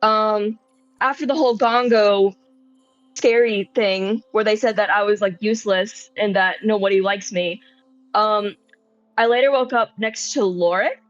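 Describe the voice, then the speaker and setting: A woman's voice: mid-range voice, fairly even intonation, a little slow, dry recording, soft background music, lightly acted. Woman doing a jittery young guy in a tabletop game, rambles with lots of likes and ums, lo-fi dry mic. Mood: wistful. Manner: hesitant, rambling, full of fillers. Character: nervous rambling young man, shaken adventurer. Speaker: player. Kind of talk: tabletop role-play in character.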